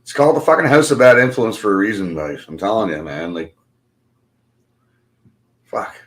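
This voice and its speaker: Profane, animated man on a livestream. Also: on the low side, normal speed. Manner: profane, animated storytelling with laughter. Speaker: livestream host. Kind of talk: casual livestream rant.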